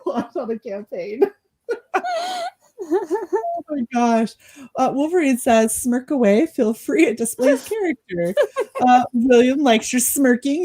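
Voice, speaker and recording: Higher-voiced woman reading stream chat. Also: dark tone. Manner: reads chat comments aloud, laughs often. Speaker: host. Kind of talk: casual livestream chat.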